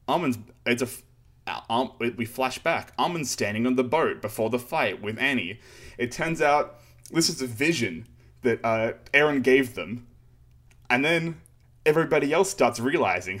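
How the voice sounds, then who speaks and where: A man's voice: medium pitch, animated, moderate pace, a bit bright. A man casually recapping a manga chapter on a podcast, rambling with fillers and sarcastic asides. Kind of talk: casual chat.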